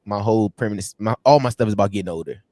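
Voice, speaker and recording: A man co-hosting a sports livestream, telling stories in an animated, slangy way with lots of laughs. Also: fairly low pitch, racing, dry recording. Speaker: sports show co-host. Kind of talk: casual livestream chat.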